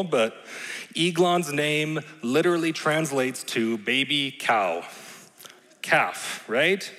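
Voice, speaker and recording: A man's voice: medium pitch, sharp tone. A man preaching a sermon in a conversational, playful way, often checking in with the room. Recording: long reverb in a large hall.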